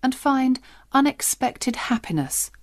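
Steady woman storybook narrator. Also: high-pitched, slow pace. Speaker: audiobook narrator. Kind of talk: graded-reader narration for learners.

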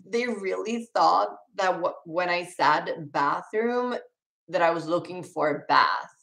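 A woman's voice: fairly low pitch, takes it slowly, vocal fry, fairly bright tone, poor audio. A young woman with a Swedish accent, casually reading chat questions aloud on a live stream and answering them with restarts and laughs. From Sweden.

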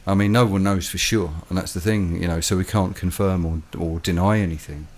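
Man, low voice, rambling storyteller, casual chat co-host. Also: fairly quick. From London, England. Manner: rambling, animated storytelling with laughs. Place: home in the Philippines.

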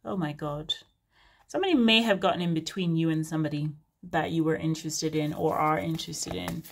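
A woman's voice: deep voice, brisk, gravelly. A woman giving a casual, frank tarot reading to her viewers, chatty with many fillers and asides. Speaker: tarot reader.

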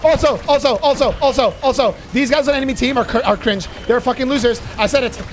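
A man doing live gameplay commentary, cursing and excitedly trash-talking his teammates. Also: very high-pitched, fast talker, a little hiss or hum. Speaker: gaming YouTuber.

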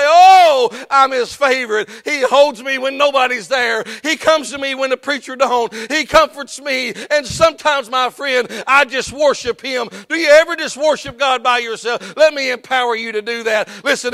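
A man preaching a sermon as pastor, folksy and plain-spoken, building up to shouts in church. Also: extremely high pitch, no echo. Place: church sanctuary.

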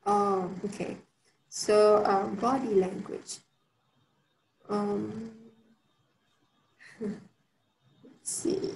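A woman's voice: medium pitch, flat delivery, drawn-out words, vocal fry, pauses often, darkish tone, a little hiss or hum. A young adult woman giving an online workshop talk, chatty, with many fillers and restarts. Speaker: workshop speaker. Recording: roomy sound with faint ambience.

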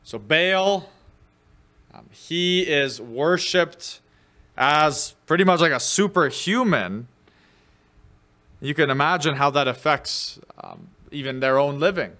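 A man's voice: fairly high pitch, lively intonation, slow, pushed and bright. A man preaching a midweek sermon as pastor, teaching in a conversational way with fillers, and lifting his voice when he reads quoted scripture. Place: church.

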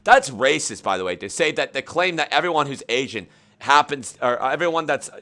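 A man's voice: mid-range voice, animated, fairly quick, sharp tone. A male streamer hosting a comedic meditation bit, sounding flustered and exasperated as he complains. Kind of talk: comedic live-stream chat.

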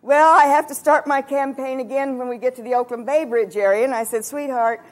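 A woman, probably older, telling a story from the pulpit in a lively sermon, acting out the voices of herself and her husband. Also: sits high, brisk, hardly any pauses. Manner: animated, acts out her own lines and her husband's. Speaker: camp speaker.

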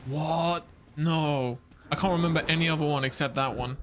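A man streaming a video game, rambling and quick to laugh and exclaim as he plays. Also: a little high, fairly even intonation, crowd noise. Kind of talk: casual live gameplay commentary.

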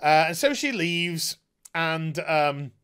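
Sarcastic male reviewer, exasperated and sweary, very animated delivery. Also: a little high, slow, clean tone. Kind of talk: ranting show review.

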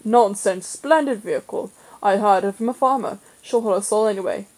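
Woman reader as eccentric old man, gruff and brisk, mellow tone. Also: medium pitch, natural voice, poor audio. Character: stern, eccentric old male scholar.

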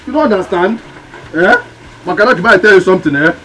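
An actor playing a chatty male friend who gives street advice in Nigerian Pidgin, animated and dotting his talk with "eh?". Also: high-pitched, quick pace, a little hiss or hum. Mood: advising. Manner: animated, peppered with "eh?".

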